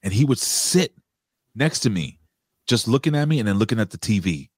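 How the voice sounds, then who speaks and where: A man's voice: lowish voice, sing-song, brisk, breathy edge, no room sound, clean studio sound. A man co-hosting a talk show, chatting casually and swearing bluntly. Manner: profane, blunt. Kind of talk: casual chat.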